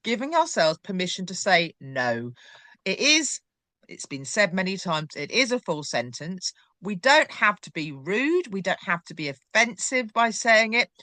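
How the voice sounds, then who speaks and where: Bright, lively woman host. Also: medium pitch, measured pace, no echo. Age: middle-aged. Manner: lively, emphatic, chatty. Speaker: podcast host. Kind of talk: casual chat.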